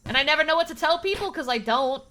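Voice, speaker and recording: A woman's voice: high-pitched, lively intonation, quick pace, pushed and bright, a little hiss or hum. A young woman streaming a game, chatting casually in a rambling, self-deprecating way and laughing often. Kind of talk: casual live-stream chat while gaming.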